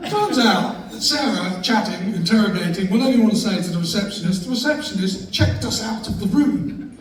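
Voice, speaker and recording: A man with a high-pitched, lively voice gives a brisk, humorous speech to a live audience, sharing jokey stories about his wife and laughing as he goes. He's recorded from far off in an echoey room with faint noise.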